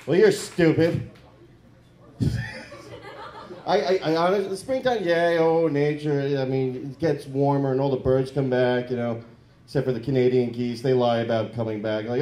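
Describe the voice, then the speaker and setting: A man doing a crude, rambling stand-up comedy set in a comedy club, breaking into loud mock voices. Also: mid-range voice, a little fast. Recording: echoey club room.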